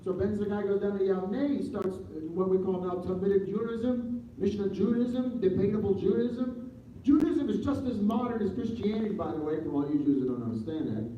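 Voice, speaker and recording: A man's voice: high voice, a little fast. Rambling storyteller man in an echoey room. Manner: rambling, animated storytelling with restarts. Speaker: guest. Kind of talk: casual interview talk. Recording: distant mic, echoey room, dull sound, faint noise.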